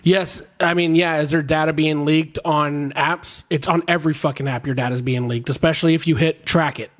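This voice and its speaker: A man's voice: fairly high pitch, steady tone, brisk. A man co-hosting a casual podcast, swearing freely and laughing through the banter. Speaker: podcast co-host.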